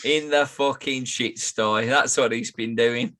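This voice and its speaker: A man's voice: mid-range voice, steady tone, a little slow, bright, forceful tone. A man co-hosting a podcast, teasing and swearing in casual chat. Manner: banterous, teasing, swears freely. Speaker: podcast co-host.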